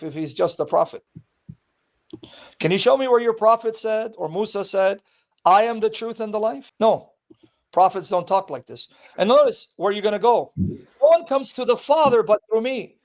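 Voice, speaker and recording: A man with a notably high-pitched voice argues his point with relentless insistence. He reads scripture verses aloud with heavy emphasis, then turns them back on the other person as pointed challenges. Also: lively intonation, normal speed. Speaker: Christian apologist debating a Muslim. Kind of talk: street debate, reading scripture aloud.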